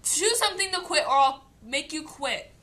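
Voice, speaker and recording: Vlog impression: a fed-up, scolding mom who keeps repeating herself, high and bright in pitch, as a girl mimics her. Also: expressive, moderate pace. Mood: frazzled. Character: exasperated nagging mother, middle-aged.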